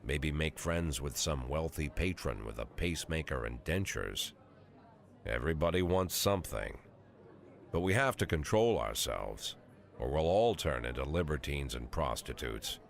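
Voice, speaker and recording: A very deep-voiced, world-weary police chief. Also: male voice, lively intonation, normal speed, vocal fry, heavily acted. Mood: wry. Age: 60s. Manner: dry, world-weary, crude. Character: aging cynical male police chief. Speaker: game narrator. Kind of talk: voiced game narration.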